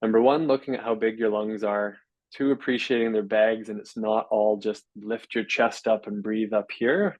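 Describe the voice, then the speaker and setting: A man with a low-set voice talks through anatomy and breathing exercises in a measured, step-by-step way, pausing on fillers and restarting his sentences. The sound is close and dry, with no room around it. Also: flat delivery, no echo, lo-fi sound. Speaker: physiotherapist guest. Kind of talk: explanatory interview talk.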